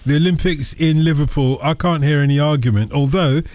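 A man's voice: on the high side, brisk, darkish tone. A man hosting a radio phone-in, chatting in a playful, teasing way. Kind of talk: casual phone-in chat. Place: radio studio.

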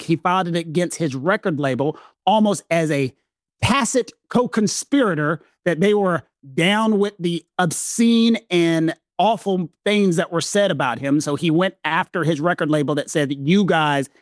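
A man, a guest expert, explaining a legal case at length in a relaxed way. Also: fairly high pitch, normal speed, no echo, studio quality. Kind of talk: explanatory conversation.

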